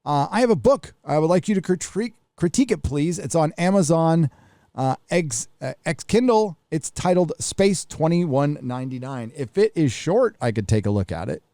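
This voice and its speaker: A man's voice: a little high, expressive, normal speed, dark tone, no room sound, clean studio sound. A man hosting a livestream, casually reading viewer messages aloud and riffing on them with offhand swearing. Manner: offhand, swears freely, reads messages aloud then riffs. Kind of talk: casual live chat.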